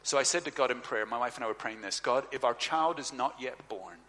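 A male preacher tells a personal story from the stage, jumping into lively voices for the people in it. His tone is bright and forward, and the sound rings with the long reverb of a large hall. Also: medium pitch, brisk, hardly any pauses. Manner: animated storyteller, acts out dialogue. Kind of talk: sermon storytelling.

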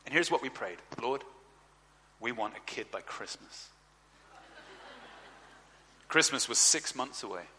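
A man telling a personal story in a sermon, animated and acting out the other voices in his story. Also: medium pitch, measured pace, long pauses. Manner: animated storyteller, acts out dialogue. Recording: long hall reverb.

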